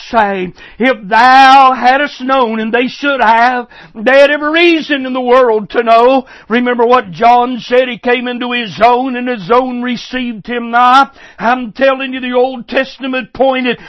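A man preaching a sermon with fervor, sometimes stumbling and restarting, then building to shouted emphasis. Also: very high voice, no room sound. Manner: halting restarts while he gathers thoughts. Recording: dull lo-fi recording.

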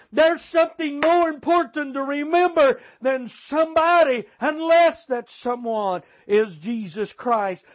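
A middle-aged man preaching a fervent, emphatic sermon and calling out to the congregation. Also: extremely high pitch. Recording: dull lo-fi recording.

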